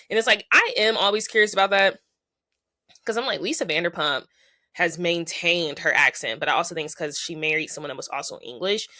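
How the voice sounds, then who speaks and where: A woman's voice: fairly low pitch, brisk, sharp tone, no room sound, studio quality. A woman hosting a podcast, talking in a chatty, opinionated way with lots of fillers. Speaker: podcast host. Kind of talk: casual chat.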